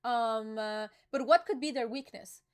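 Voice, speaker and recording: A young woman with a high, bright voice hosts a casual live reaction chat. She is excitable and emotional, drops slang and plenty of fillers, and rambles as her thoughts come. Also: a little slow, clean tone. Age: young adult. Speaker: channel host reacting to a manga chapter.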